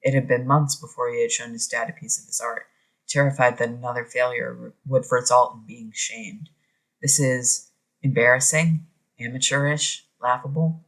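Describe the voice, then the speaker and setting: A man narrating a fan story in a measured, steady reading voice. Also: mid-range voice. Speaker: podfic reader.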